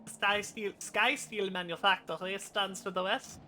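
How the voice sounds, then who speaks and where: A streamer voicing a formal officer, reading game dialogue in a measured way. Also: medium pitch, fairly even intonation, bright, forceful tone, a little hiss or hum.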